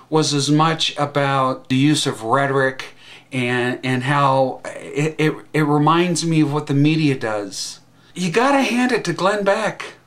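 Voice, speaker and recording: A man giving a satirical monologue, rambling and halting with frequent restarts, in a mock-earnest tone. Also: on the high side, fairly bright tone. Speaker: satirical commentator.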